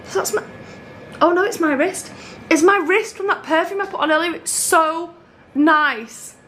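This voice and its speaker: A woman's voice: normal speed, bright, forceful tone, slight background noise. A woman in her thirties chatting casually at home as a family vlogger, gushing and chatty. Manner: chatty, gushing, talks to her toddler in a high voice. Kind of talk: casual chat. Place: home bedroom.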